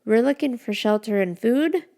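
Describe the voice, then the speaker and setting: A woman's voice: fairly high pitch, animated, moderate pace, creaky, warm tone, voice pushed up. A woman voicing a sweet, polite young woman who sounds a little nervous. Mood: hopeful. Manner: polite, hopeful.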